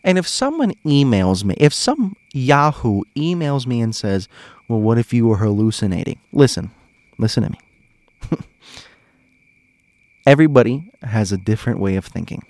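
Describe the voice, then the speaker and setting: A man's voice: medium pitch, very animated, moderate pace, pauses often, darkish tone, no room sound. A man hosting a podcast, chatting casually and animatedly straight to his listeners with frequent chuckles. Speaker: podcast host. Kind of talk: casual storytelling chat.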